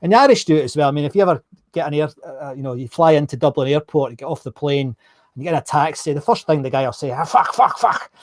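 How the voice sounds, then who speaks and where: A man's voice: a little high, rapid-fire, darkish tone, no room sound, studio quality. A Scottish man hosting a live-streamed interview, chatting casually, correcting himself and reading out viewer comments. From Scotland. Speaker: host.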